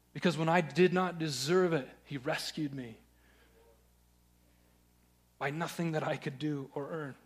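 A man preaching a sermon, earnest, moving between loud urging and hushed, searching questions. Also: a little high. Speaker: pastor.

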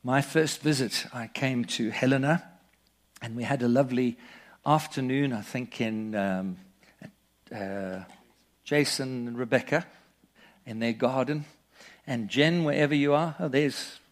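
A man's voice: mid-range voice, measured pace, pauses often. A middle-aged man preaching a sermon, reading scripture aloud and telling personal stories in an earnest manner. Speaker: pastor.

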